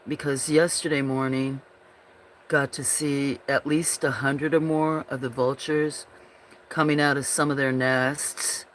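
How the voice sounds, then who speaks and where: Slow, rambling, giggly woman streamer. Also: rumbling low, slight background noise. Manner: rambling, slow, often breaks into giggling fits. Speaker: livestream host. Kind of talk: casual livestream chat with viewers.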